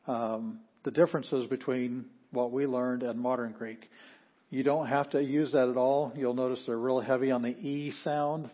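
Husky man teaching slowly, lo-fi. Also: medium pitch. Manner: patient, halting, many ums, sounds out words slowly. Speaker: Greek teacher. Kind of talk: informal classroom lesson.

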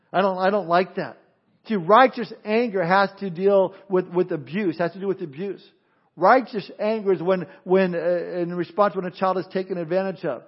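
A man's voice: sits high, highs cut off. A man preaching a sermon, earnest, telling jokes and stories along the way. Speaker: pastor.

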